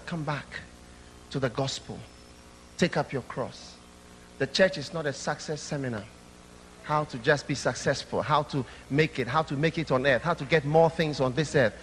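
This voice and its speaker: A young man preaching an impassioned sermon that rises to shouts. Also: a little high, big-room sound, slight background noise. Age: young adult.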